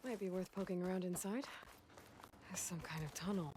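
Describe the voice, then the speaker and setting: Young female explorer voiced by an actress, curious, calm, lowish voice, game dialogue. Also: normal speed, noisy background, close to an everyday voice.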